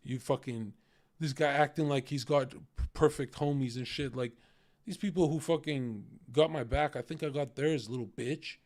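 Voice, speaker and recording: A man's voice: mid-range voice, moderate pace, darkish tone, no echo, clean studio sound. A man hosting a livestream, talking casually, swearing a lot and taunting his chat. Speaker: livestream host.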